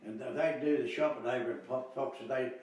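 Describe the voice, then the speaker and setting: An older Australian man recalling family stories, halting and repeating himself, laughing often. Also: medium pitch, steady tone, darkish tone. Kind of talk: casual reminiscing. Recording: distant mic in echoey room, faint hiss.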